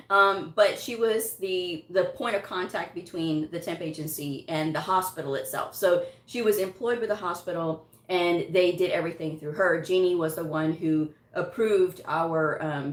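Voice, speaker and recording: A woman with a slightly low voice tells a personal story, casual and chatty. She laughs often and acts out what others said to her. The sound carries some room echo. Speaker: medical coding vlogger. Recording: echoey room.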